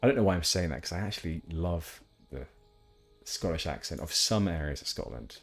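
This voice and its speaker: A man's voice: sits low, lively intonation, a little fast, breathy edge, soft background music. A man chatting casually while streaming a game, rambling with asides. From England. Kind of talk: casual gameplay chat.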